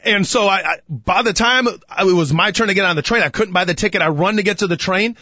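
Male sports radio host, high bright voice, chatty storyteller, dry dull studio sound. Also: fairly quick, no echo. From Chicago. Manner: rambling storyteller, animated when retelling. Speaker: radio talk show host. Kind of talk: casual sports talk radio monologue.

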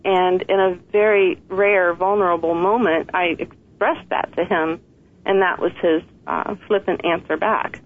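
An author appears as a guest in an interview, speaking earnestly and reflectively and laughing softly. Her voice is on the low side, steady and measured, heard over a tinny phone line with faint hiss.

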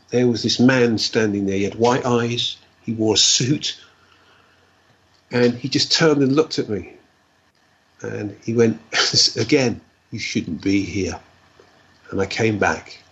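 A man, a guest recounting a personal story in a halting way, repeating words and adding "like, you know". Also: lowish voice, husky, muffled recording.

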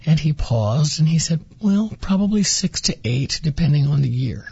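A man's voice: fairly high pitch, animated, normal speed, vocal fry, a little mellow, slightly rough, dry recording, highs cut off. A man guest on a radio interview, earnestly recounting his experience and acting out quoted dialogue. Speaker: interview guest, former patient.

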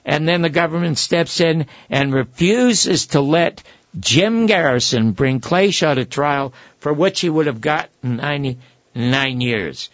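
An older man, a guest, telling long anecdotes and acting out the quoted voices, with a gravelly, husky voice. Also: a little high, a little slow, dry recording, highs cut off. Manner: animated storyteller who acts out quoted voices. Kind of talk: anecdotal storytelling.

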